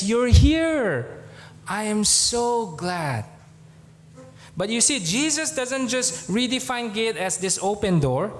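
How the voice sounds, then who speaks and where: A man with a Zomi accent preaching a sermon as pastor in a church, telling a story slowly and earnestly with pauses. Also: high voice.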